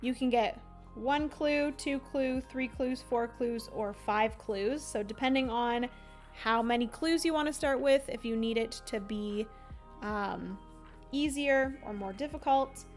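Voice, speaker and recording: A woman's voice: fairly high pitch, unhurried, faint music behind. A young woman streamer chatting casually and giggling as she rambles through a livestream.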